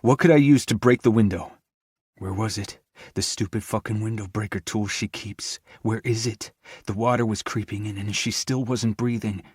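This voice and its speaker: Low-voiced male audiobook narrator. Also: steady tone, moderate pace, a little mellow, breathy edge, dry recording, studio quality. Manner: tense, intense first-person reading.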